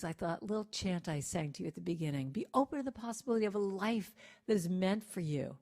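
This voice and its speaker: A woman giving an inspirational talk to a congregation, gentle and conversational, who breaks into lively acted-out quotes. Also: mid-range voice, a little fast. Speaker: guest speaker and singer.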